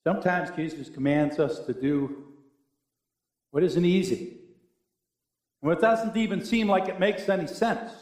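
A male pastor preaching a sermon with animated, humorous storytelling. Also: high voice, unhurried, pauses often. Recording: echoey room.

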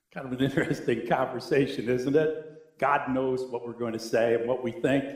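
A male pastor preaching a sermon with animated, humorous storytelling. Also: medium pitch, moderate pace. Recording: echoey room.

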